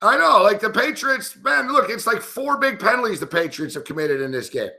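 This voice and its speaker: A man reacts live to a football game, cursing at every bad play. His voice sits fairly high and sounds bright and edgy. His pitch jumps all over as his frustration builds. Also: expressive, brisk, gravelly. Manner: frustrated, profane ranting at the game. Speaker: sports betting analyst.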